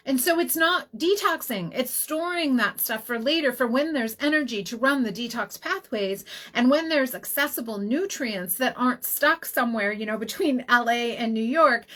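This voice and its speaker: A middle-aged woman health practitioner giving a casual teaching talk, telling stories with quick asides. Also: on the high side. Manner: animated storytelling with quick asides.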